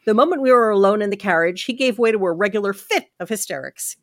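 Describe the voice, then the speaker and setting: A woman's voice: medium pitch, animated, fast, no echo, studio quality. A woman reading a novel aloud on a podcast and breaking off for wry, joking asides.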